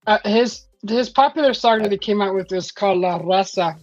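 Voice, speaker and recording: This host, a California woman, keeps a casual chat going, rambling with plenty of fillers and laughing often. Her mid-range voice has a darkish tone and normal speed, recorded dry. The overall audio is dull, lo-fi stream quality with faint music.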